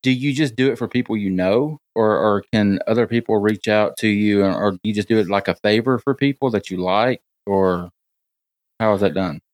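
A man from East Tennessee hosting a podcast, asking questions in a halting, repetitive way. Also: on the low side, no room sound. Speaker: podcast host. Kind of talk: casual interview.

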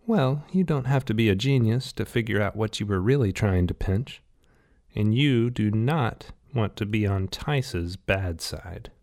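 A man's voice: lowish voice, lively intonation, measured pace, darkish tone. A man voicing a young market stall girl who is sly and teasing, in an audiobook story.

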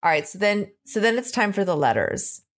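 A woman's voice: mid-range voice, very animated, normal speed. A woman co-hosting a podcast in casual chat, playfully acting out what others said. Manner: playful, acts out quoted voices. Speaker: podcast co-host.

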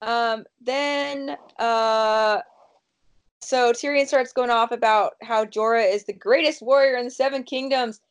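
A woman's voice: a little high, fairly even intonation, measured pace, clean tone. A woman in casual chat, recapping a TV episode and acting out the characters' lines with lots of laughter. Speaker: podcast co-host recapping a TV episode.

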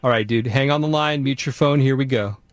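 A male radio host runs the segment with upbeat, joking banter. His voice sits at an ordinary middle pitch. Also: brisk, very noisy. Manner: upbeat, jokey, leads the segment. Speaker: radio morning show host.

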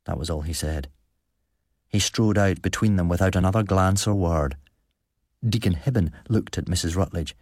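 A man narrating an audiobook in an even, measured storytelling manner. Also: deep voice, no echo, clean studio sound.

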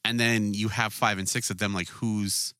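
A man's voice: lowish voice, flat delivery, moderate pace, pushed and bright, clear, resonant tone, no echo, studio quality. A man co-hosting a casual podcast chat, loose and profane, who keeps slipping into mocking voices to act out scenes. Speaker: podcast co-host.

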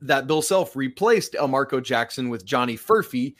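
A man co-hosting a sports podcast, reeling off college basketball statistics in a lively, casual way with the odd laugh. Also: mid-range voice, normal speed. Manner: lively, laughs between stats. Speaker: podcast co-host. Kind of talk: casual sports analysis chat.

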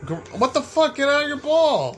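A man's voice: very high-pitched, sing-song, moderate pace, soft background music. A man commenting on his own gameplay, cursing, complaining and laughing in frustration at a boss fight. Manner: swearing, exasperated and laughing, talks to the game. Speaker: gamer playing a video game.

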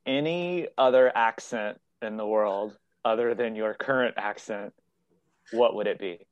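A man, a guest in a casual chat, asking questions slowly and deliberately. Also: fairly low pitch, no room sound, lo-fi sound.

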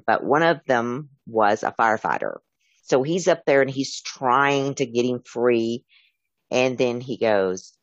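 A man's voice: mid-range voice, no room sound, highs cut off. Earnest man recounting emergency calls. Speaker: interview guest, former emergency dispatcher. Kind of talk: storytelling in an interview.

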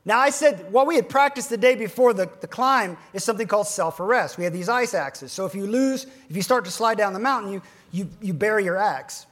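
High-voiced man giving a dramatic keynote. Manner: dramatic, swings between loud emphasis and hushed near-whisper; slows down to stress key phrases. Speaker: keynote speaker to financial advisors. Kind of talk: motivational keynote speech.

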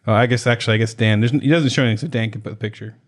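A man's voice: lowish voice, very fast. A man co-hosting a comedy news podcast, reading headlines with playful asides in casual chat. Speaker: podcast co-host.

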